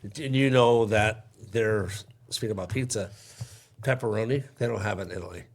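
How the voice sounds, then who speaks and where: A man's voice: on the low side, normal speed. A man who is a chef and restaurant owner, talking as a guest in a casual conversation and explaining dishes with enthusiasm.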